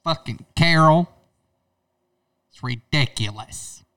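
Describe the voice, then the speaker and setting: A man's voice: fairly high pitch, slow, creaky, sharp tone, dry recording, recorded from a distance. A man co-hosting a casual podcast chat, brash and joking, swearing often. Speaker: podcast co-host.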